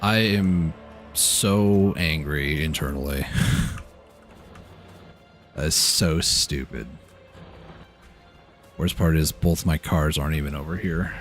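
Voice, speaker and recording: A man with a strikingly deep, low voice chats loosely while he plays, half-muttering his thoughts as he goes. Faint game music sits quietly under his talk. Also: takes it slowly, long pauses. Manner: relaxed, muttering to himself while playing. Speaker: streamer. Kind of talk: casual gameplay commentary.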